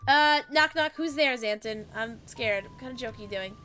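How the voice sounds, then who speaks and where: A woman with a high, sharp-edged voice chats with her stream while playing. She tells stories in a loose, chatty way, swears freely and laughs easily, then breaks off to answer her chat. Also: normal speed, soft background music. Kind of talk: casual chat while gaming, storytelling to chat.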